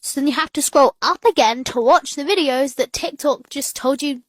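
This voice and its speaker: A woman with a high, bright-sounding voice rants in an exasperated comic way and scolds an app as though it could hear her. The room is dead and dry, with no echo around her. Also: normal speed. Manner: exasperated, talks back at an app. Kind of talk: comedic rant to camera.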